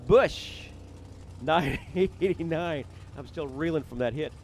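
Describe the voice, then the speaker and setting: A man with a slightly raised voice calls a drag strip live, rattling off racers, hometowns and times. He mixes the numbers with jokes at his own expense. Loud race cars roar behind his voice. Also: fairly high pitch, takes it slowly, slight background noise. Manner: jokey, self-deprecating, rattles off names and times. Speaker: drag racing announcer.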